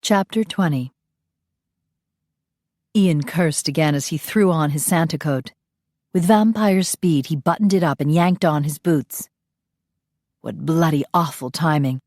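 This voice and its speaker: A woman narrating a romance audiobook in a steady, unhurried, intimate reading. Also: sits low, no echo, studio quality.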